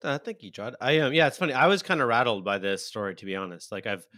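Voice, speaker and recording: A man's voice: mid-range voice, big pitch swings, quick pace, bright, forceful tone, no echo, clean studio sound. A man talking on a podcast in a rambling way, often trailing off mid-thought. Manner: rambling, frequent fillers and trailing off. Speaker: podcast guest and site editor. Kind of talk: casual podcast talk.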